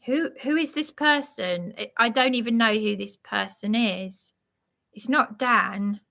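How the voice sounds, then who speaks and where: A woman's voice: medium pitch, unhurried, creaky, sharp tone. A woman live streaming, talking in a flustered, agitated and apologetic way. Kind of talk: rambling live-stream chat.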